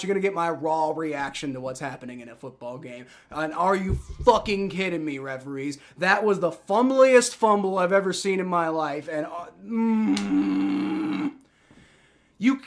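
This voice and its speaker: Young man, high voice, bright tone, excitable, swearing, live sports reaction. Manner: excitable, swearing, shouting in outrage at refs. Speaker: livestream football reaction host.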